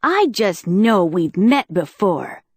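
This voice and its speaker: A woman's voice: mid-range voice, sing-song, takes it slowly, slightly rough, no room sound, studio quality, full character voice. A woman voicing an awkward, smitten teenage boy in an audiobook, eager and fumbling.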